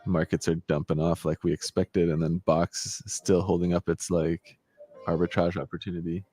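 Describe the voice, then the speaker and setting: A relaxed man with a low, deep voice, chatting as a co-host. He talks hesitantly and often trails off mid-thought. Faint music sits in the background. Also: moderate pace, no room sound. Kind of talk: casual chat.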